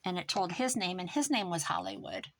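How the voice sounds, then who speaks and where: A woman talking casually and rambling off topic as she works on a craft project, her voice trailing off quieter at times. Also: fairly low pitch, animated, fairly quick, vocal fry, a little hiss or hum. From American Midwest. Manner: rambling, thinks aloud while working, drifts quieter. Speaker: craft vlogger. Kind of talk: chatty crafting monologue.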